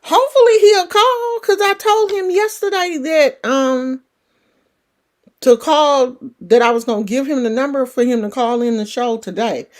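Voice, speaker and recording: A woman's voice: high voice, measured pace. A middle-aged woman with a California country twang, chatting casually and rambling as a livestream host. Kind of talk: casual chat.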